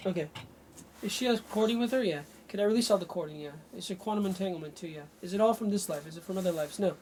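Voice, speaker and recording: A radio show host who works as an energy healer speaks in a high, quick, darkish voice with a slight hiss or hum. He thinks aloud and breaks off mid-sentence while running a live remote healing session.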